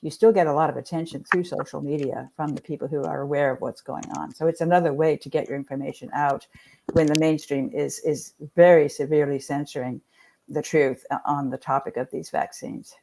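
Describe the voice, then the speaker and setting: A woman's voice: low-pitched, fairly even intonation, brisk, creaky, noisy background. A woman scientist, a guest on a podcast, explaining her research while searching for words. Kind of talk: podcast discussion.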